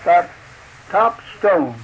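Slow folksy old-time preacher, faint hiss. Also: male voice, high-pitched, big pitch swings, muffled recording. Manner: slow, deliberate, folksy preaching with rhetorical questions. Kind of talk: sermon explaining a chart.

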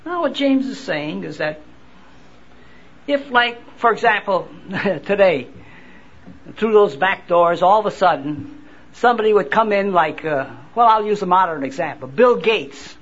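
A man preaching a sermon at a convention, reading scripture and explaining it slowly, often repeating and restarting words. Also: high-pitched, animated, fairly bright tone, highs cut off. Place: convention hall.

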